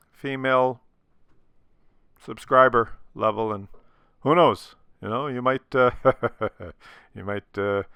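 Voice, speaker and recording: Middle-aged male vlogger, conspiratorial and stammering, swears freely; bright, pointed voice, dry close sound. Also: medium pitch, vocal fry, clean tone, no echo. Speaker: channel host. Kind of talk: conspiratorial casual advice to viewers.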